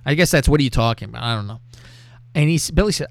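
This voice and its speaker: A man hosting a casual show, telling a crude story in a lively, profane way and reading out text messages. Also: medium pitch, brisk, no room sound. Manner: animated, profane, reads out texts with laughter. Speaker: podcast host.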